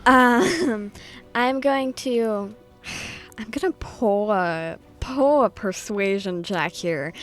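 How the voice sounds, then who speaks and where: Tabletop player, female, slow and hesitant, giggly. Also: mid-range voice, animated, soft background music. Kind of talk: tabletop game play.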